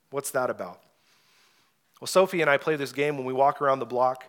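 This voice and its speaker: A young adult man preaching an earnest sermon, rising loud when he reads scripture aloud. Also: medium pitch, normal speed. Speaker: pastor.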